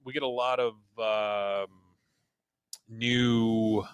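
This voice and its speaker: A man co-hosting a casual talk show, retelling a cartoon episode in an animated way and popping into high character voices. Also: drawn-out words, smooth, dry recording. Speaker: podcast co-host recapping a cartoon episode.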